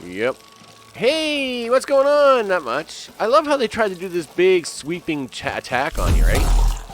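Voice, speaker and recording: A man's voice: fairly high pitch, huge pitch swings, moderate pace, faint music behind. A man giving rambling, casual commentary on his gameplay as host, full of fillers and asides to enemies. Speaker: gaming channel host.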